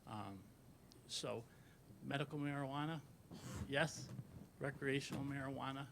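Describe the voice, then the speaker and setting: A man speaking from the floor at a public meeting, halting and trailing off softly. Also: mid-range voice, steady tone, gravelly, very noisy. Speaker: audience member giving public comment. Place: meeting hall.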